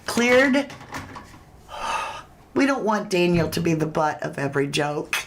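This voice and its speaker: A woman with a lowish voice hosts a relaxed livestream chat. She takes her time, talks to viewers like friends, and reads out their comments as she goes. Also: a little slow, a little hiss or hum. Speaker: true crime livestream host.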